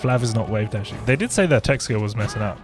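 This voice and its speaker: An English man, a young adult, commentating a live game in casual chat and laughing often. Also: fast. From England. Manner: chatty, laughs often, lively pitch. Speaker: esports commentator. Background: background music.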